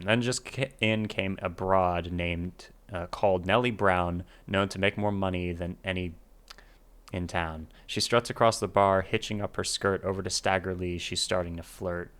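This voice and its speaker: A man with a very low, deep voice hosts a casual music reaction video. He reads notes aloud and lets his remarks trail off quietly between them. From United States. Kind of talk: casual reaction commentary reading annotations.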